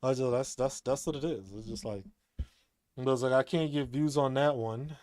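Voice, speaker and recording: A man's voice: mid-range voice, moderate pace, a little mellow, no room sound. A man talking casually as a streamer, rambling, repeating himself and laughing often. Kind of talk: casual monologue.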